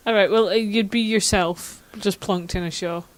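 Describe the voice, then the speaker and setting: A woman's voice: mid-range voice, fairly even intonation, moderate pace. A young woman, co-hosting a casual podcast chat, giggly, sceptical and teasing. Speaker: podcast co-host.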